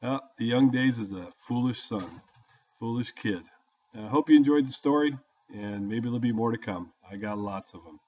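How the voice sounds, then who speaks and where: A man's voice: medium pitch, moderate pace, darkish tone. An older man casually telling a story from his youth in a folksy, plain-spoken way. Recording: dull lo-fi audio.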